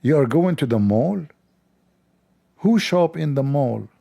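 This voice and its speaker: A man with a gravelly, fry-edged voice that sits fairly high yet sounds mellow and dark. He hosts a livestream, mocking a video with scornful sarcasm and loud, exaggerated disbelief, in loose, non-standard English. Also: animated, slow. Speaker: livestream host.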